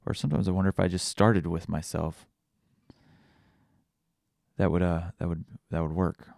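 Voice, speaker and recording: A man hosting a podcast, thinking out loud in a casual reflective monologue, searching for words with frequent restarts. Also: deep voice, steady tone, normal speed, vocal fry, dry recording, studio quality. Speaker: podcast host.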